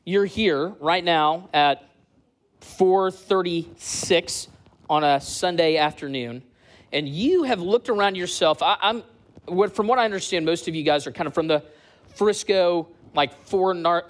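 Speaking at a measured pace in a slightly high voice, a late-thirties church community director from the US East Coast trades banter with the congregation while spinning lively stories.

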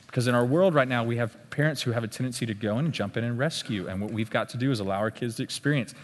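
A man giving a conversational live talk at a church parenting workshop, often checking in with his listeners with a quick "okay?". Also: medium pitch. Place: meeting room with tables. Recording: long hall reverb in a big room.

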